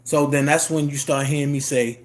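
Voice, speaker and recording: A man, telling a personal story in a casual monologue and jumping into high voices to quote people. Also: fairly even intonation, brisk. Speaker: YouTube commentator.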